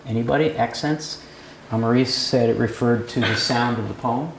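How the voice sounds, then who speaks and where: A man's voice: mid-range voice, moderate pace. A man leading a poetry seminar, lecturing and putting questions to the group. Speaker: seminar leader. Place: cafe room with a seminar group. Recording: roomy room sound, faint background noise.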